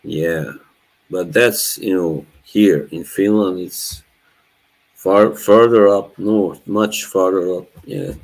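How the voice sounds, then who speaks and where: This man, from Bosnia with Norwegian as his first language, streams and talks easily with his viewers in the chat, laughing a lot in a relaxed way. His low voice is steady, slow, and creaky, and the recording is rough.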